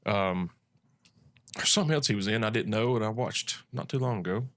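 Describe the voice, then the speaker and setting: A man's voice: on the low side, brisk, fairly bright tone. A man hosting a casual chat, rambling and talkative. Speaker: podcast host.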